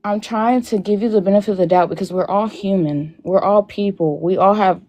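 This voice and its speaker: On a live Q&A video call, a young woman shares an emotional account while in tears, wandering off track and filling gaps with "like." Her mid-range voice is a bit mellow, and she speaks briskly.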